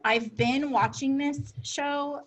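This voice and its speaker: A woman co-hosting a casual talk in an effusive, affectionate way, dotting her speech with "like" and "um". Her voice sits a little high. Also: steady tone, takes it slowly, lo-fi sound. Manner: warm, effusive, frequent "like" and "um". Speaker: podcast co-host. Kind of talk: casual chat.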